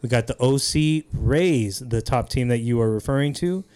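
A man's voice: medium pitch, normal speed, darkish tone, smooth. A man hosting a casual podcast, going through amateur baseball playoff picks in a laid-back, joking way. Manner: laid-back, casual, swears, laughs easily. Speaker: podcast host.

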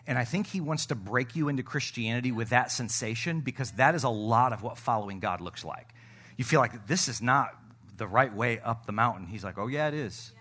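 Preaching to his congregation, a middle-aged pastor cracks jokes and alternates between booming shouts and quiet asides. His husky voice is medium in pitch, and he speaks fairly quickly.

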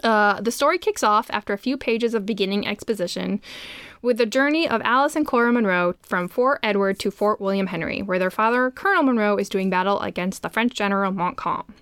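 A woman's voice: mid-range voice, a little fast, fairly bright tone, clear, resonant tone, dry recording. A woman co-hosting a podcast, summarizing a novel's plot with dry asides in casual chat. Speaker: podcast co-host. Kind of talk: casual book discussion.

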